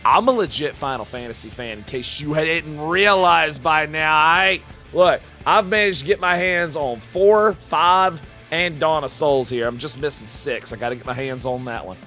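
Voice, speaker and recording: A man with a bright, forceful voice sitting a little above the usual male pitch talks to his stream chat, swearing freely and shouting with excitement. He drops to quieter, heartfelt asides between whoops, and faint music plays behind him in his home streaming room. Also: moderate pace. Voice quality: loud, profane, hyped-up delivery. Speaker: live-streamer reacting to game announcements.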